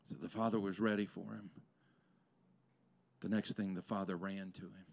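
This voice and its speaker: Before his congregation in the sanctuary, a male pastor delivers a sermon in a low, level voice with vocal fry and a moderate pace. He shifts back and forth between quiet intensity and loud, rising outbursts. Now and then he turns to the crowd with playful, chatty remarks.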